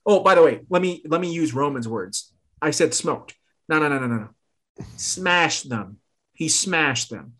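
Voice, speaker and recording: A man co-hosting a casual wrestling podcast, excitable and quick to jump in and push back. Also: a little high. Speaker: podcast co-host.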